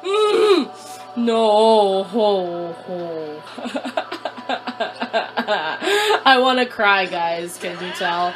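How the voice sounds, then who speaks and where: A young woman hosting a let's play, panicking, squealing and shouting at her game character, repeating words in quick streaks. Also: mid-range voice, very animated. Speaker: gaming channel host. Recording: faint game music behind.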